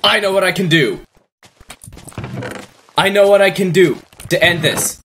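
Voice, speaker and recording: A man's voice: high-pitched, a little slow, a bit bright, slight background noise, low-quality recording. A man hosting a let's play, chatting casually and thinking aloud as he builds. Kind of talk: casual gameplay chat.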